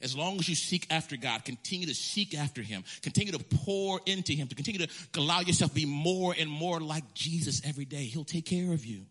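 A fairly high-pitched pastor moves briskly through a storytelling sermon with few pauses, animated and emphatic, repeatedly restarting phrases.

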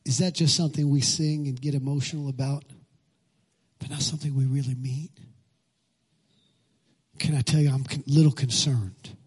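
A male pastor's sermon and prayer fill a church sanctuary: he preaches with passion, leads call-and-response with the congregation, then prays. His husky, slightly mellow voice is medium-pitched and fairly even, at normal speed with long pauses.

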